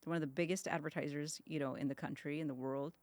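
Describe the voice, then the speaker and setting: A woman guest in a podcast interview, talking quickly and casually, laughing often and acting out sample ad lines. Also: low-pitched, fairly even intonation, darkish tone, no room sound. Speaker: guest, ad creator.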